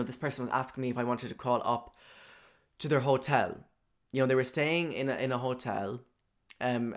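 A man's voice: mid-range voice, fairly bright tone. A young man casually telling a personal story, chatty and profane, with lots of filler words.

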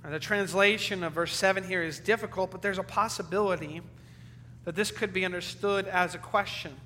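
A male pastor preaching a sermon with earnest emphasis, sometimes loud and sometimes dropping to a hushed, low delivery. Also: steady tone, brisk. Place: church sanctuary. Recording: church hall reverb with faint hum.

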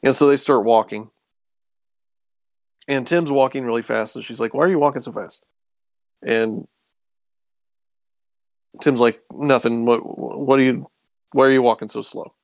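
A man's voice: medium pitch, unhurried, vocal fry, long pauses, a little mellow, no room sound. A man casually recapping an episode, rambling with ums and acting out quoted lines. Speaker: podcast co-host recapping a show. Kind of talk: casual chat.

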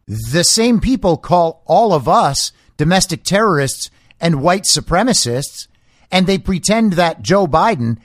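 Sarcastic man with a lively, dry voice. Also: on the high side, measured pace, no echo. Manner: sarcastic, mocking. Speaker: podcast host. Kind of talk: political commentary reading and mocking news quotes.

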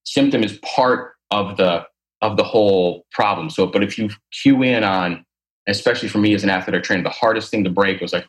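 A man's voice: fairly low pitch, brisk. A man, an athletic trainer, talking about his posture therapy work in a casual interview, earnest and rambling with many fillers and restarts.

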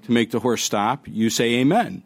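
A man's voice: medium pitch, moderate pace, lightly acted. A man voicing a plain-spoken male clergyman selling a horse, in a joke told on stage. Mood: explaining.

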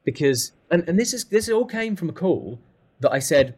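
A man telling a lively story as a guest, acting out the phone calls he describes. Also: on the high side, moderate pace, slightly rough. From England. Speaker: guest drummer. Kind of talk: casual storytelling.

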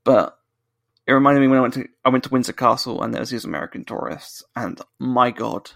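A man's voice: mid-range voice, fairly quick, creaky, fairly bright tone, no room sound. A British man co-hosting a podcast, ranting in casual chat with lots of swearing and restarts. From United Kingdom. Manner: ranting, sweary, self-correcting. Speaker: podcast co-host.

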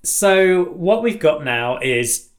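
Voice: medium pitch, expressive, slow. A podcast host, telling a history story in a casual, chatty way with fillers and laughs. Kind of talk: casual chat.

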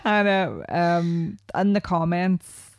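A woman's voice: on the low side, slow pace, no echo, highs cut off. A woman in her thirties with a rural Irish accent, co-hosting a podcast and telling stories in a chatty, casual way. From Ireland. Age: 30s. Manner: chatty, storytelling with lots of "like" and "right?". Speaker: podcast co-host. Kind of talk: casual chat.

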